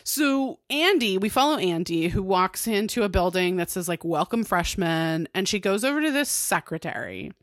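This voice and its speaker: A woman's voice: medium pitch, expressive, normal speed, hardly any pauses, no echo, clean studio sound. A woman co-hosting a podcast, chatting casually and laughing as she acts out quoted lines. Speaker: podcast co-host. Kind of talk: casual recap chat.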